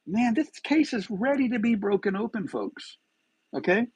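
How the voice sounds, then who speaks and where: Husky-voiced man grilling a suspect aloud. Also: high-pitched, sing-song, moderate pace, a little mellow, no echo, muffled recording. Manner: agitated, fires rhetorical questions. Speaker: live stream host. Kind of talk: heated true-crime commentary.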